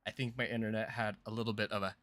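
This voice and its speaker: A man's voice: lowish voice, flat delivery, rapid-fire, a bit bright, no room sound. A man hosting a casual gameplay livestream, chatting playfully and with hype to his viewers. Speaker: streamer and channel host.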